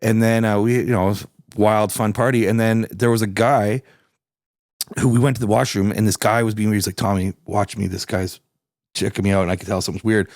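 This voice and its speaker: Relaxed middle-aged Canadian man, low voice. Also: brisk, no echo, studio quality. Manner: relaxed, swears freely, animated when quoting people. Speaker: guest musician. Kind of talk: casual storytelling interview.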